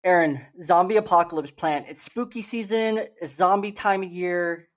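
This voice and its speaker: Upbeat and joking at his own expense, a young adult co-host chats on a casual podcast and pitches the sponsor reads like a salesman. He speaks at a normal speed in a high-pitched voice.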